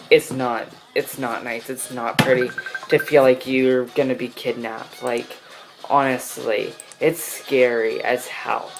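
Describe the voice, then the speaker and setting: A man's voice: medium pitch, gravelly, rough recording. A teenage boy telling a personal story in a casual vlog, rambling with many fillers. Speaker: vlogger.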